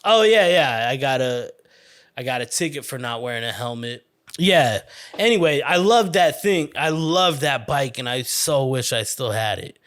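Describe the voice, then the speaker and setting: A man hosting a podcast, telling a childhood story in a rambling, profane, animated way. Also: medium pitch, moderate pace. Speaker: podcast host. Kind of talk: casual storytelling monologue.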